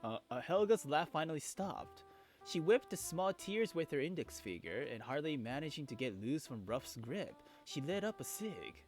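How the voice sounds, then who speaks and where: Animated joking man playing a game. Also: on the high side, normal speed, faint music behind. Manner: animated, joking, swears freely. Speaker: gamer reading a visual novel aloud. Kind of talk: casual game playthrough.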